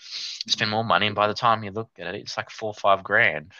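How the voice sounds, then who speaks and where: A man's voice: lowish voice, fairly even intonation, fairly quick, pushed and bright, no echo. A young Australian man casually telling a rambling story as a podcast co-host, slipping into mimicked voices. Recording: dull lo-fi sound.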